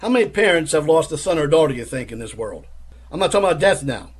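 A man delivers critical religious commentary in a husky, fairly high voice. He argues insistently and presses his point with rhetorical questions. The delivery is combative and direct. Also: sing-song, fast.

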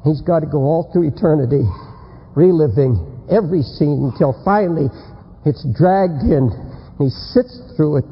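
A man preaching a fiery sermon, telling a story and acting out its people, swinging from shouts to hushed warnings. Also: a little high, slightly rough. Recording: lo-fi recording in a reverberant hall.

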